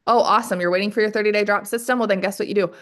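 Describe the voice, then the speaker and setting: Peppy woman coaching a sales team. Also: mid-range voice. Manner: energetic, keeps calling the audience "you guys"; rapid rhetorical questions. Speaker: sales team leader training distributors. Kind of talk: motivational training call.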